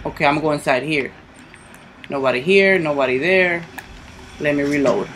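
A man giving casual commentary over his own online shooter match, excitable and swearing constantly, yelping when something sudden happens. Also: on the high side, moderate pace, background noise. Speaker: gamer doing live commentary.

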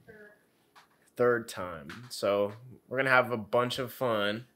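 A man's voice: medium pitch, slow pace, fairly bright tone. A young man talking in a casual, joking, slangy way as a travel vlogger.

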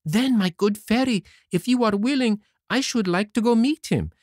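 A man voicing an excitable, naive wooden puppet boy in a high, boyish way, for a storybook reading. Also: normal speed, no echo, studio quality, lightly acted. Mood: eager.

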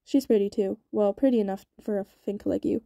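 A woman voicing a cold, menacing young male gang boss with a gravelly rasp, talking in a quiet, taunting, deliberate way. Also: high-pitched, no echo.

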